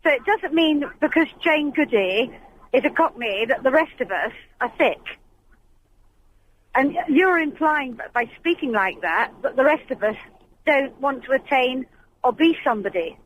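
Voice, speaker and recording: Earnest high-voiced woman calling from a car. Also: expressive, moderate pace, a bit bright, a little hiss or hum, low-quality recording. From London. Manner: earnest, politely indignant. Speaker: radio caller. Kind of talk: casual phone call. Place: sitting in a car. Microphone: phone line.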